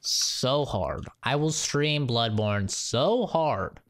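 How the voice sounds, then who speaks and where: A male game streamer talking loosely to his chat. His pitch swings widely as he rants, swears freely and laughs at his own stories. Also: extremely slow. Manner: animated, profane, laughing rants. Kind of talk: casual live-stream chat.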